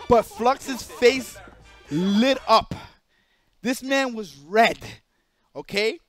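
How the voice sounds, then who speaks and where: A man streaming live, telling a story in an animated way, emphatic and profane and repeating himself for emphasis. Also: very high-pitched, dry recording.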